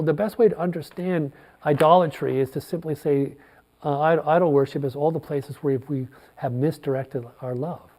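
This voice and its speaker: Gravelly, mellow-voiced male pastor preaching. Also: mid-range voice. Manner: thoughtful, unhurried preaching with restarts. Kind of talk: sermon.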